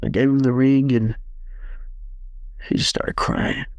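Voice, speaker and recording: Male host, gravelly mid-pitched voice, dry close sound, halting personal testimony with restarts. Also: little pitch movement, no room sound. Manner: halting, many restarts and fillers, plain everyday speech. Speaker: podcast host. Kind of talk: personal testimony, casual storytelling.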